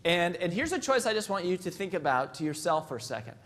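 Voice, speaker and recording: A man's voice: high voice, big pitch swings, fast, fairly bright tone. A man giving a live motivational keynote at a convention, telling funny stories and acting out voices. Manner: storytelling, jokey, acts out voices. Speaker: keynote speaker.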